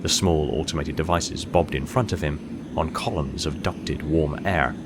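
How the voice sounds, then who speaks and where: A man narrating an audiobook short story in a steady, measured storytelling manner. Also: rumbling low, background noise.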